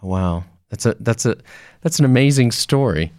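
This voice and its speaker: Smooth, dry-sounding male interviewer. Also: mid-range voice, lively intonation, normal speed, a little mellow, dry recording. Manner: enthusiastic, conversational questions. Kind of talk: podcast interview.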